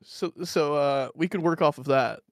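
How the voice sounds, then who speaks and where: American man, casual guest, apologetic, laughs easily, slightly high pitch. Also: normal speed, no room sound, studio quality. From United States. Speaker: stream guest. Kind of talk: casual chat.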